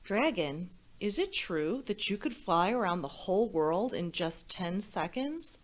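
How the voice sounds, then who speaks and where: A woman voicing a clever, brave young princess in a children's story, with a bright, eager, flattering manner. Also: medium pitch, a little slow.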